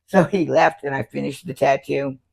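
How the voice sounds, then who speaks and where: An older woman from Florida, a tattoo artist telling lively stories in an interview, laughing often and acting out the people she quotes. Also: a bass voice, moderate pace, gravelly, breathy edge. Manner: animated, laughs often, acts out quoted voices. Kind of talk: casual storytelling interview.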